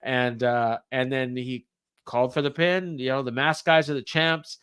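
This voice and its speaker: A man's voice: medium pitch, fairly even intonation, moderate pace, a bit bright, clean tone. A man co-hosting a podcast, recapping a show in a rambling way with many fillers. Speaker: podcast co-host. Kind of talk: casual wrestling recap.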